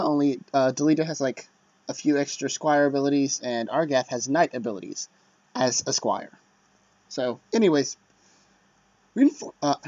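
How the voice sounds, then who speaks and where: Playing a strategy game, a man comments casually, being chatty and self-deprecating and frequently muttering to himself. His mid-range voice has a darkish tone, and the dull lo-fi mic is dry with no echo.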